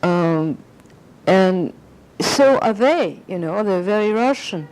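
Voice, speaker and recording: A woman's voice: medium pitch, animated, takes it slowly, darkish tone, low-quality recording. An older woman being interviewed, reminiscing in a rambling way and slipping into French phrases. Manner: rambling, anecdotal, slips into French.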